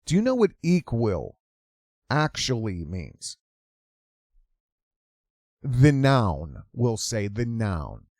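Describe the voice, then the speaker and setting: A man's voice: mid-range voice, huge pitch swings, drawn-out words, long pauses, a little mellow, no echo, clean studio sound. A man hosting a talk show, delivering an opinion monologue in a sarcastic, heated, opinionated way.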